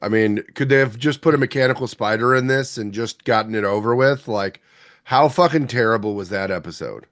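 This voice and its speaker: A man's voice: mid-range voice, brisk, fairly bright tone. A man co-hosting a podcast, giving blunt, sarcastic opinions in casual chat and swearing freely. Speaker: podcast co-host.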